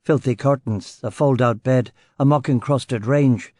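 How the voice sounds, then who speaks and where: A man's voice: medium pitch, measured pace, warm tone, dry recording, clean studio sound. Terse male audiobook narrator. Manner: clipped, terse phrasing. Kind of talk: first-person detective novel reading.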